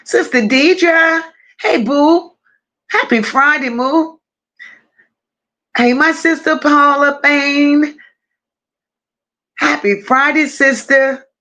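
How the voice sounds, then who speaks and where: A woman hosts a relaxed livestream chat, calling out viewers one by one with easy affection. Her voice sits a little high and her delivery is leisurely and drawn out. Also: very slow, pauses often. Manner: affectionate, greets viewers one by one and reads their comments aloud. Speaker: livestream host.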